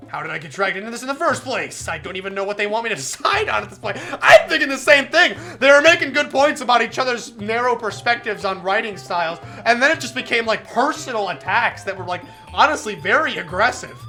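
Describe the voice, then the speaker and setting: A woman streaming a visual novel, reacting in a chatty, animated way. Her voice is bright and swoops around a lot, with quiet game music behind. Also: fairly high pitch, fast, few pauses. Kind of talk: casual live-stream visual novel read-along.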